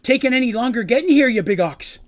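Man putting on a Scottish gnome warrior, loud and teasing. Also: very high voice, expressive, quick pace, voice pushed up. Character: gruff boisterous gnome warrior man raised by dwarves.

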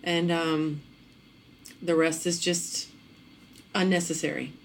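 Woman, lower voice, casual co-host, thinks aloud over faint noise. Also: little pitch movement, slow pace, vocal fry. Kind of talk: casual faith conversation.

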